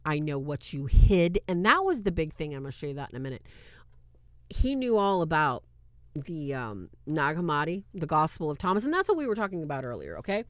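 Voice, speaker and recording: A woman hosting a casual movie review, talking in an animated, incredulous way and often breaking into laughter. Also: low-pitched, brisk, no echo, studio quality. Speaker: video host.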